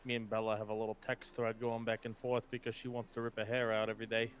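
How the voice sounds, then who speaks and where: A man's voice: fairly low pitch, monotone, quick pace, a little hiss or hum, natural voice. A man playing a rambling ex-con joke-teller. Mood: joking. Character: joking ex-convict man, laid-back storyteller. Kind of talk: live role-play stream chat.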